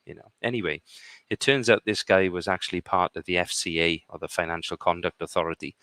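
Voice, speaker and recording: A middle-aged British man with a very low, deep voice tells stories in a conversational way and keeps checking in with his listener. The sound is dry and close, with almost no room around it. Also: a little fast, bright, forceful tone, dry recording. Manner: punctuates points with "okay?". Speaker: guest speaker. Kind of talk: conversational storytelling. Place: live online conversation.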